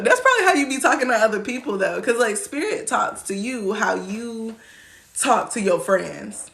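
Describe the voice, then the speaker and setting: Gravelly-voiced woman in her twenties. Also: fairly high pitch, lively intonation, normal speed, fairly bright tone. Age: 20s. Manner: loose and slangy, laughs often, acts out quoted voices. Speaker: spiritual teacher on a livestream. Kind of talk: casual livestream teaching chat.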